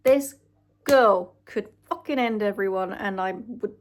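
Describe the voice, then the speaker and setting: A woman's voice: mid-range voice, unhurried, slight background noise. Gushing young woman vlogger. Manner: gushing, emotional, swears freely. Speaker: vlogger ranking films. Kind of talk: casual chat to camera.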